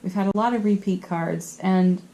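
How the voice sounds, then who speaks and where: A woman doing a tarot card reading, earnest and gentle, tired, often giggling at herself. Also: mid-range voice, fairly even intonation, moderate pace. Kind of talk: spiritual card reading to camera.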